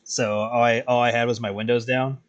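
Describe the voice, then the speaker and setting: A man streaming while he draws, chatting casually in a relaxed, rambling way with plenty of swearing. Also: medium pitch, moderate pace, dull audio. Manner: relaxed, profane, rambling with chuckles. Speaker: streaming artist. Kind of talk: casual chat while drawing.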